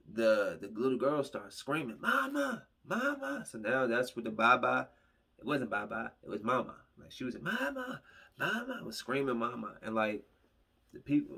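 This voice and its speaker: Man, husky voice, mid-range pitch, casual podcast movie review, rambling plot retelling, acts out quotes. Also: a bit bright. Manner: rambling, acts out characters' lines while retelling.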